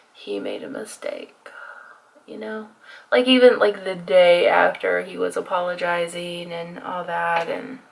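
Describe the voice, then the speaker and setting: A woman's voice: medium pitch, gravelly, a bit bright, poor audio. A young woman from Texas with a Texan accent, chatting casually and confidingly to her viewers while doing her makeup. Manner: chatty and confiding, with fillers like "like" and "you know". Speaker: beauty vlogger.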